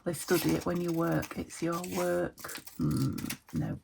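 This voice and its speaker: This craft vlogger from the UK sits at her desk at home, making things while chatting casually to her audience, muttering to herself and groping for words. Her voice sits low and is slow, creaky, and darkish, with a little hiss or hum on the recording.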